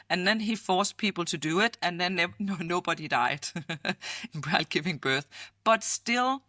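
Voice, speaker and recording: A woman futurist guest from Denmark, telling lively stories and acting out quotes with frequent laughter. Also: on the low side, a little slow, dry recording, clean studio sound. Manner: animated storyteller, acts out quotes, laughs often. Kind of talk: storytelling in conversation.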